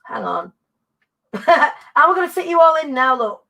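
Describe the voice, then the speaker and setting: Bubbly, higher-voiced woman. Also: very animated, moderate pace, creaky, bright, forceful tone. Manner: bubbly and chatty, with British slang. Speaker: host. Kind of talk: casual live-stream chat.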